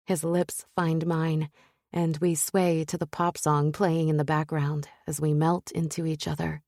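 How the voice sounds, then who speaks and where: A woman narrating a romance audiobook in a soft, intimate and breathy voice. She has a low pitch and an unhurried pace, and the close, dry studio sound puts her right at the listener's ear. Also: level tone, no room sound.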